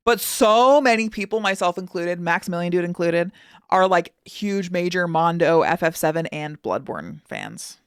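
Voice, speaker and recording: A woman with a Chicago accent, chatting as a streamer in an excitable, rambling way. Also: on the low side, moderate pace, clear, resonant tone, no echo. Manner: excitable, rambling, often laughing. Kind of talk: casual reaction stream chat.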